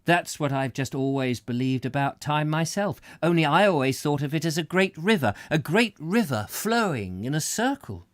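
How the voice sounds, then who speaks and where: A man's voice: on the high side, lively intonation, moderate pace, hardly any pauses, dry recording, clean studio sound, pitched above the performer's own voice, close to an everyday voice. A man voicing an elderly country woman who talks emphatically and with breathless admiration. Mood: dreamy.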